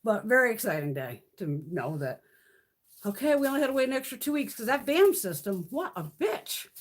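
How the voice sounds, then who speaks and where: A beauty vlogger in her fifties hosts a live stream, chatting casually in a slightly high, very animated voice that runs a little fast. She rambles, swears freely, and laughs often.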